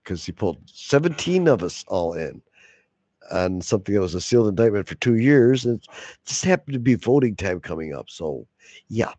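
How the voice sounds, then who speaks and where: A man's voice: fairly low pitch, big pitch swings, normal speed, mellow, no room sound. A man telling a long profane story in a casual way, laughing often and acting out the other voices. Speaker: video blogger.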